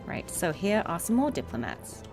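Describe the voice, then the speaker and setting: A woman's voice: lowish voice, sing-song, moderate pace, music in the background. A young adult woman voice actor chatting casually while playing a game, explaining and demonstrating voices. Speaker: voice actor and gaming streamer. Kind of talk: casual gameplay commentary.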